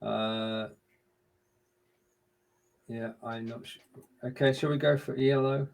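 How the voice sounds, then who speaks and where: A man's voice: mid-range voice, steady tone, slow, vocal fry, a little mellow. A man co-hosting a live stream in a casual chat, running a music quiz and fiddling with screen sharing as he talks.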